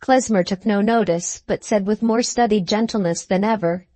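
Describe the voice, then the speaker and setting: This woman narrates a classic novel as an audiobook in a steady, measured way. She speaks at a medium pitch, and the recording has no echo.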